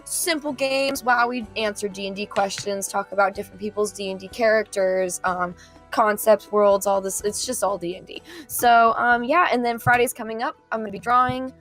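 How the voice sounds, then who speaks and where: A woman's voice: a little high, fairly bright tone. A woman player on a tabletop game stream, chatty and rambling, a bit apologetic as she talks. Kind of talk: casual chat.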